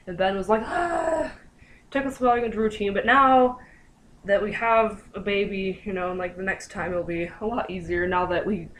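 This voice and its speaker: A woman's voice: mid-range voice, a little fast, slight background noise, rough recording. A young woman casually telling a personal story to her viewers, chatty and full of fillers, acting out what people said. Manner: chatty, lots of fillers, animated quoting. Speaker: vlogger.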